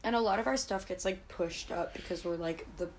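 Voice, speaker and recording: A woman's voice: mid-range voice, fairly quick, slight background noise. A young adult woman hosting a casual podcast chat, telling stories animatedly and swearing freely. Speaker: podcast host.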